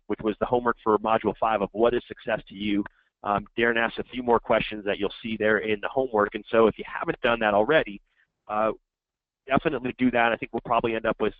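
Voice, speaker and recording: A man co-hosting a group coaching call, wrapping up the session in a relaxed, easygoing way. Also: fairly low pitch, dry recording. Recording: tinny phone line, dry.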